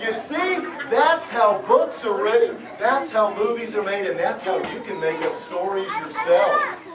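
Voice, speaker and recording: A man, a children's author, giving a lively, expressive talk to schoolchildren and asking them questions. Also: high voice, measured pace, a crowd in the background, noisy background. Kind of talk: animated talk and reading to schoolchildren. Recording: echoey school room, far from mic. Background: children in the audience.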